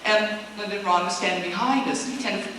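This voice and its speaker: A woman's voice: medium pitch, a little fast. Laughing woman telling stories in an echoey hall. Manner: animated, laughing often, acts out quotes. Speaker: convention guest speaker. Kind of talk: casual storytelling Q&A. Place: convention hall. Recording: echoey hall recorded from far off, noisy.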